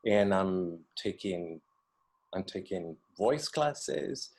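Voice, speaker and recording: A man from Italy with a clear Italian accent joins a video call and talks slowly and carefully. His voice sits fairly low, and he hesitates often, filling his pauses as he searches for words. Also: expressive, darkish tone. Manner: hesitant, with many fillers. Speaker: costume designer. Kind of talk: workshop participant on a video call.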